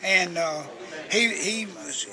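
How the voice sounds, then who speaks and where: An older radio personality, appearing as an interview guest, speaks slowly in a high, gravelly voice while a crowd murmurs behind him. He is folksy and chatty, rambling through stories and acting out quotes.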